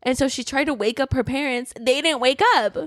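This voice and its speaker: A woman's voice: high-pitched, steady tone, fairly quick, a bit bright, no echo, studio quality. A woman co-hosting a casual book podcast, retelling scenes with casual swearing and laughter. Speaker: podcast co-host.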